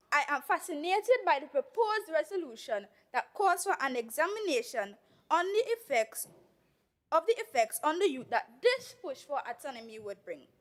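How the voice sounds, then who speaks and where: A teenage girl with a Tobagonian accent giving an earnest, measured debate speech as a youth assembly member in a legislative chamber, reading from prepared remarks. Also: high-pitched, a bit bright.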